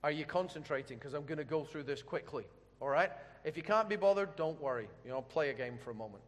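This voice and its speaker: A man with a high-pitched voice preaches in a joking, storytelling manner and keeps checking in with his listeners. His voice rings out with a long reverb, as in a large hall. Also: expressive, fast. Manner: humorous, chatty storytelling with questions to the audience. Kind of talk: sermon.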